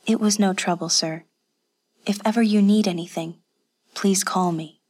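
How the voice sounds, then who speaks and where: A woman's voice: mid-range voice, steady tone, normal speed, natural voice. A woman voicing a shy, deferential young village woman. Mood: polite. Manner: soft, polite, deferential. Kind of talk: audiobook character voice.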